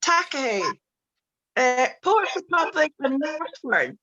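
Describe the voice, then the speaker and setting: A woman's voice: high voice, a little slow, a bit bright, muffled recording. A woman hosting an online book launch on a video call, introducing each reader with chatty remarks and frequent ums.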